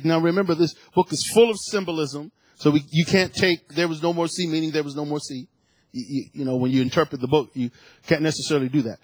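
A man preaching a sermon, reading scripture and rising into shouted, emotional fervor. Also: fairly high pitch, quick pace, slightly rough, no echo. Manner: builds from calm teaching to shouted, emotional fervor; reads scripture aloud between comments.

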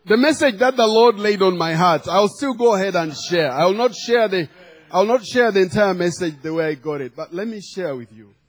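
A man delivers a sermon in a slightly higher register, his voice husky and a little breathy. He tells a humorous story and acts out the quoted lines as he goes. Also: normal speed. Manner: storytelling with acted quotes and laughter. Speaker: preacher.

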